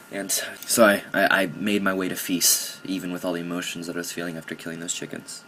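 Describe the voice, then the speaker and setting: Young male gaming commentator, lowish voice, casual with mock-serious theatrics, faint noise behind. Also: level tone, normal speed, sharp tone. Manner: mock-dramatic, joking about his own feelings.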